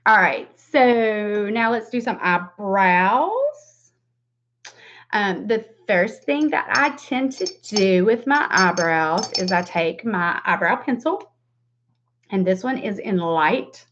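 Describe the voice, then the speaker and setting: A woman's voice: mid-range voice, expressive, slow pace, fairly bright tone, slight background noise. A woman in her forties with a Southern US accent, giving a casual livestream makeup tutorial. She chats with viewers by name and laughs often. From Southern United States. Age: 40s. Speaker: makeup vlogger. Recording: dull lo-fi livestream audio.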